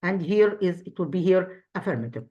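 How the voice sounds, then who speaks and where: A warm, somewhat low female voice with lively intonation moves a little fast over lo-fi sound. She's an English teacher with an Egyptian accent doing a step-by-step exam review, answering questions she poses herself and restarting frequently.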